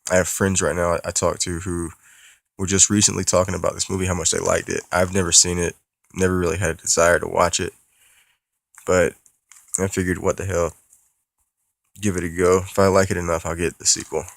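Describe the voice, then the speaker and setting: Casual male vlogger, stuffy nose, deep gravelly voice, dry close sound, loose and profane delivery. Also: level tone, fairly quick, pauses often, no echo. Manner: casual and profane, rambling with restarts. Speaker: movie collector vlogger. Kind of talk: casual unboxing vlog.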